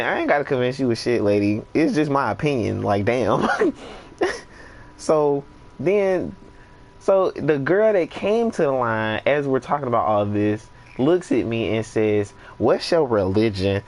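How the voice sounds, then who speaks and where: A young man casually telling a funny work story while playing a game, animated and laughing, acting out the people he quotes. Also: mid-range voice, moderate pace. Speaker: gaming streamer.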